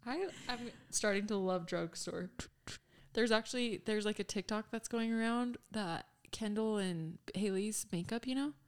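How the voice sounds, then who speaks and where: A woman's voice: mid-range voice, normal speed, clean tone. Giggly young woman telling stories. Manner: giggly, animated storytelling. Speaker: co-host. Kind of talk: casual chat. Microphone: microphone.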